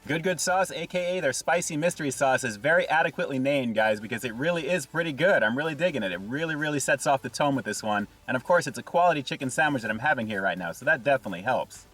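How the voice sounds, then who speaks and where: A man's voice: mid-range voice, animated, fast talker, hardly any pauses, a bit bright, recorded from a distance, faint music behind. A man hosting a casual food review from inside a car, upbeat and chatty, who keeps calling his viewers "guys". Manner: upbeat, keeps saying "guys" and "really digging".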